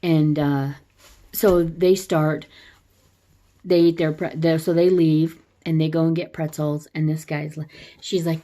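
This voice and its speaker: Low, mellow-voiced woman recapping a movie. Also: steady tone, a little slow. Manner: rambling, with frequent restarts and self-corrections; chatty, laughs while retelling. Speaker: movie reviewer. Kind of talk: casual spoken movie recap.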